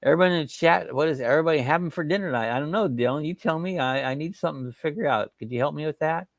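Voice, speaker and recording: A man's voice: on the high side, rapid-fire, vocal fry, no room sound, clean studio sound. A middle-aged man hosting a casual livestream chat, reading out viewer comments in a folksy, rambling way with a loose, chuckling delivery. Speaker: livestream host.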